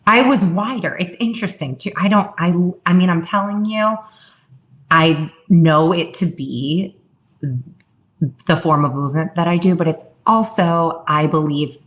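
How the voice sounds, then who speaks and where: Low-pitched woman in her 30s, candid podcast guest, thinking out loud, pretty open. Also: unhurried. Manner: open, reflective, quotes herself in raised voice. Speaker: guest, fitness founder. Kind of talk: candid interview conversation.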